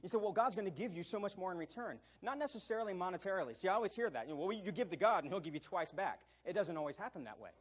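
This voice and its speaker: A middle-aged male pastor giving an animated sermon, often checking in with "all right?" and acting out quotes. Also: sits high, racing, few pauses, husky. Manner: animated preaching with repeated "all right?" asides and acted quotes.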